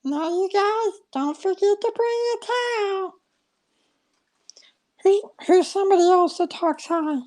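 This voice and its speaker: A woman breathing helium to voice a childlike furry red puppet monster, with a very high, thin, squeaky sound. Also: measured pace, pauses often, a little mellow. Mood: playful. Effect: helium-raised voice. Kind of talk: livestream helium impression.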